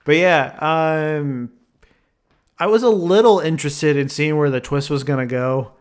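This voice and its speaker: A man's voice: fairly high pitch, a little slow. A man co-hosting a casual movie review chat, sarcastic and full of rhetorical questions. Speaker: podcast co-host.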